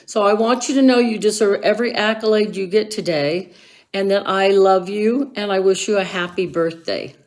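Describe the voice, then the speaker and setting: A woman's voice: mid-range voice, normal speed, darkish tone, rough recording. A woman from Colorado recording an earnest, affectionate birthday video message for an old friend. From Colorado, USA. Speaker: friend sending video greeting. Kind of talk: warm personal video message.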